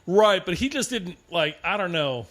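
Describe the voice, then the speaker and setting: A man's voice: sits high, lively intonation, moderate pace, a bit bright. A man co-hosting a podcast in laid-back casual chat, rambling a bit and swearing casually. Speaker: podcast co-host.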